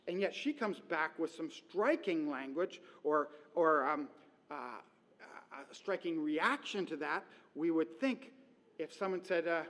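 A man with a fairly high voice preaches a sermon. He talks in a chatty, lively storytelling way. His voice rings with the long reverb of a large hall. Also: unhurried. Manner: conversational, animated storytelling. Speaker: pastor.

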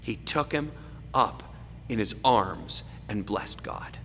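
A man preaching a sermon, swinging between loud emphasis and hushed asides. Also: fairly low pitch, expressive, slow pace, creaky. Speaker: pastor. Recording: echoey hall with faint background noise.

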